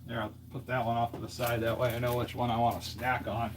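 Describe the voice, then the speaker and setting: Guy rambling on his live stream from the kitchen, easygoing chatter, mid-pitch voice, a little hiss in the background. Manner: chatty, thinks aloud while working in the kitchen. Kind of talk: casual live-stream chat. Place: home kitchen.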